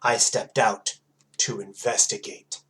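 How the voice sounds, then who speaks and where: A man voicing a streetwise cat detective who narrates a night-time mystery in a slow, dramatic storybook style. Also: fairly low pitch, fairly even intonation, a bit bright, poor audio. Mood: suspenseful.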